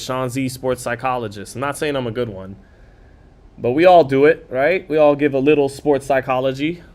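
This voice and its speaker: A man hosting a live boxing watch-party stream, chatting casually, reading viewer comments aloud and calling the fight punch by punch. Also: mid-range voice. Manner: quick play-by-play calling of punches.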